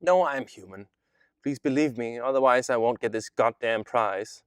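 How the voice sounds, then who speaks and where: A man reading aloud the lines of a chatbot that poses as a Jewish boy from Odessa, in a flat, evenly read delivery. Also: medium pitch, normal speed, dry recording, clean studio sound, lightly acted. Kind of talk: reading a chat transcript aloud.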